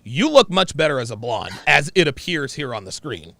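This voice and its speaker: A man's voice: mid-range voice, big pitch swings, normal speed, gravelly, pushed and bright. Emphatic male podcast host. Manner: emphatic, repeats words. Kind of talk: casual comedic banter.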